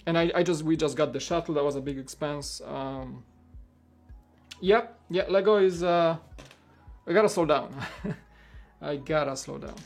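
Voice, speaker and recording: Unhurried and gravelly, a slightly high-pitched man chats casually on his livestream with faint music behind him. He keeps rambling, restarting his thoughts and leaning on "like."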